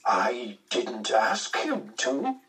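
Male reader playing a meek, hesitant professor, slow and slightly low, a bit off-mic. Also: big pitch swings, pushed and bright, distant mic, exaggerated voice. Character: timid, apologetic male professor.

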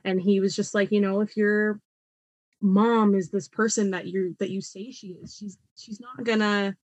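A woman's voice: medium pitch, normal speed, no echo, dull audio. A young woman, a podcast guest, telling a personal story with lots of laughter and acted-out voices. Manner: animated, laughs often, acts out quoted voices.

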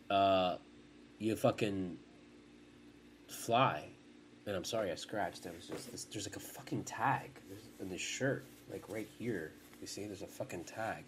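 A man's voice: lowish voice, fairly bright tone, a little hiss or hum. A man in his forties hosting a podcast, chatting in a casual, rambling way, swearing often and cutting himself off mid-thought. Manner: profane, rambling, self-interrupting. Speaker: podcast host.

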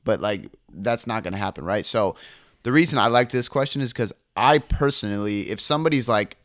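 Animated young man, casual fitness talk. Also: lowish voice, dry recording, studio quality. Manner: fast, animated, swears casually. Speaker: fitness trainer. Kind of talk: casual podcast chat.

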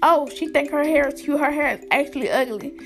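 A snide teenage schoolgirl bully, as a woman voices her, drawling slow, sneering taunts. The voice sits high, with faint music in the background. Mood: mocking.

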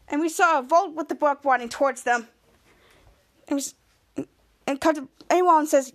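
A woman with a high voice hosts a podcast and walks through a TV episode scene by scene. Her telling is halting, full of restarts and clipped-off words as she hunts for the next detail. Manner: halting retelling with frequent restarts and cut-off words. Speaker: podcast host.

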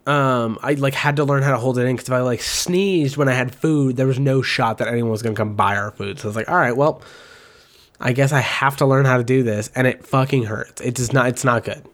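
A man hosting a casual talk show, rambling and animated, with lots of fillers and swearing. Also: medium pitch, a little fast. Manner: mimics other people's voices in quotes. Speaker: host. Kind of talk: casual commentary.

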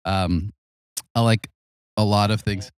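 A man's voice: fairly low pitch, steady tone, measured pace, clear, resonant tone, dry recording, clean studio sound. A man, a kids pastor co-hosting a casual church podcast, talking in an easygoing way with fillers and restarts.

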